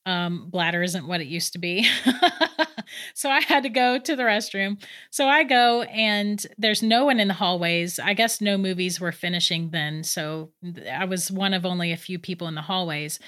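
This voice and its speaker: A woman, probably in her thirties and a mother of three, chattily telling a true ghost story with quick laughs. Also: on the low side. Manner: chatty, animated, laughs between lines. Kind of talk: casual spoken ghost story.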